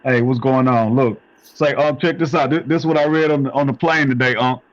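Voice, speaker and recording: A man calls into a livestream and talks loosely and slangily, sitting at a middle pitch. His voice is dry and close, with dull, lo-fi sound. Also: a little fast, no room sound. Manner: laid-back, slangy, addresses listeners as "bro" and "y'all". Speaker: caller on a livestream. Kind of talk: casual chat.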